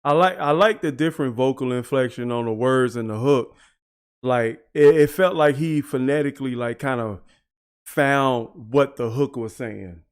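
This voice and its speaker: A man's voice: medium pitch, moderate pace, clear, resonant tone. A man hosting a music reaction video, chatting casually, breaking down lyrics and laughing often.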